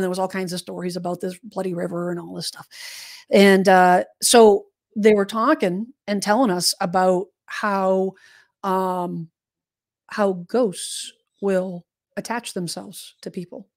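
A woman's voice: mid-range voice, steady tone, measured pace. A woman co-hosting a podcast, telling a story in a rambling, meandering way, often restarting her sentences. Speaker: podcast co-host. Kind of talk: casual storytelling chat.

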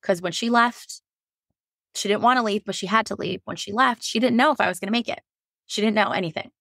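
Gravelly woman telling a candid story. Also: medium pitch, brisk, dry recording, studio quality. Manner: animated, acts out what others said; frequent "like" and quoted self-talk. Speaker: podcast guest.

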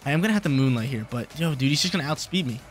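A man casually calling the play-by-play of his own online battle, excitable and slangy, often repeating his lines. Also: medium pitch, racing, faint music behind. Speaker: game commentator.

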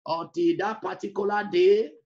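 A man's voice: high voice, fairly even intonation, moderate pace, a little mellow, dull audio. A man preaching an emotional personal testimony, repeating phrases and breaking into song. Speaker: evangelist.

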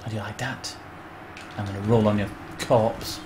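An English man chatting and joking while he streams a game, with sudden loud outbursts. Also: fairly low pitch, fairly even intonation, moderate pace, noisy background. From England. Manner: chatty, self-mocking, bursts into loud outbursts. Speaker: gaming streamer. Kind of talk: live gameplay commentary.

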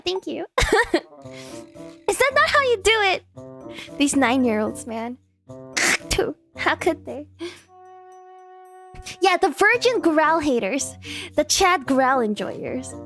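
A woman's voice: sits high, big pitch swings, slow pace, long pauses, a bit bright, soft background music. A woman streamer in casual live-stream chat, giggly, playful and sarcastic.

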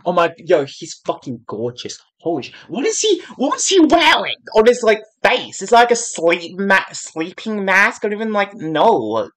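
A woman hosting a reaction channel, talking in an excitable, casual way with lots of swearing and filler words. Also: mid-range voice, normal speed, few pauses. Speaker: YouTube reaction channel host.

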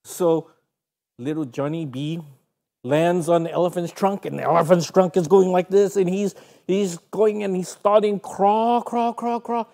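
Animated woman telling a children's story. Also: fairly low pitch, unhurried. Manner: animated, sound effects. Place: broadcast studio.

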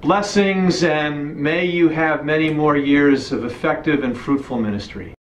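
A man delivering a formal, measured tribute. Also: on the high side, a little hiss or hum. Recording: echoey room.

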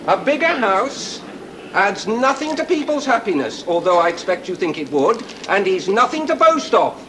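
An actor playing a prim, moralizing English gentleman, pompous and preachy, in a 1970s TV sketch. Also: high voice, big pitch swings, normal speed, noisy background.

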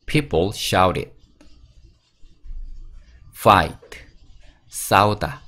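A man teaching English vocabulary, reading each word, its meaning and example sentences in a steady drill. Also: low-pitched.

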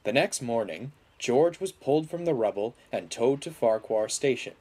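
A man reading a children's story aloud in an expressive, dramatic narration. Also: medium pitch, normal speed.

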